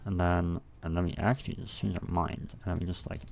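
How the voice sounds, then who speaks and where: A man's voice: low voice, little pitch movement, a little fast, creaky, background noise. A young man thinking aloud while building a game level, rambling and swearing to himself in casual, profane self-talk.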